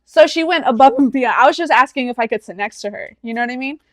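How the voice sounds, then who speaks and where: A woman in her twenties, co-hosting a podcast, animatedly tells a personal story in a casual chat, slipping into the voices of the people she quotes. Her voice sits high and she talks fast. The recording is dry, with clean studio sound.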